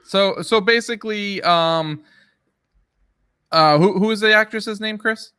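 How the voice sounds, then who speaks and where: A man co-hosting a casual podcast, describing a movie hesitantly with many pauses. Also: high voice, sharp tone, smooth. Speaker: podcast co-host. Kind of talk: casual chat.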